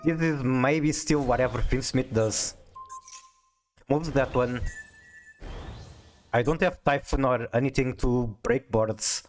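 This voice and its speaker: Playing a card game live, this man chats casually with viewers, reads chat aloud, and often stammers as he starts sentences over. He talks slowly in a mid-range voice and pauses often. Soft music plays underneath.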